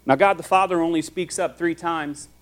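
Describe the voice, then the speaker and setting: A man preaching a sermon as a pastor, telling the story in a conversational, animated way. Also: on the high side, moderate pace.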